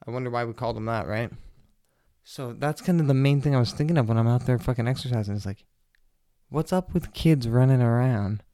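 A man's voice: medium pitch, fairly quick, dark tone, no echo, studio quality. Profane rambling male podcast host. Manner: loose, profane and jokey storytelling. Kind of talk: casual rambling podcast monologue.

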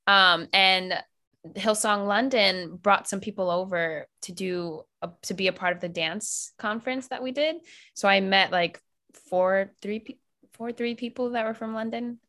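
An American woman hosts a podcast, chatting casually and laughing often. Her voice sits at a medium pitch, unhurried yet pushed and bright.

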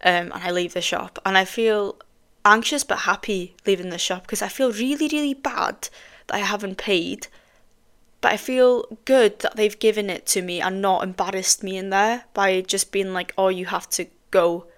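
A woman hosting a podcast, telling a personal story in a chatty, animated way with frequent ums and casual swearing. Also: medium pitch, normal speed, smooth. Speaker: podcast host.

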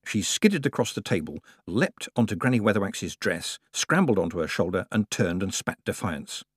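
Lively man narrating a storybook. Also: lowish voice, moderate pace, hardly any pauses, husky, dry recording, studio quality. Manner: lively, expressive reading. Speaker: audiobook narrator.

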